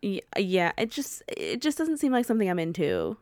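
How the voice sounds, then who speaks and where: A young woman co-hosting a podcast in casual chat, chatty and quick to laugh, with playful quoted asides. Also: mid-range voice, wildly swooping pitch, a little mellow, dry recording. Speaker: podcast co-host.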